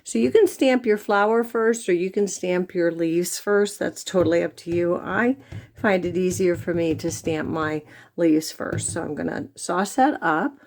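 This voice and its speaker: A woman's voice: fairly low pitch, a little slow, a little mellow, a little hiss or hum. A woman from the United States giving a chatty step-by-step card-making tutorial, with frequent fillers. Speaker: stamping demonstrator. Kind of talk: craft tutorial.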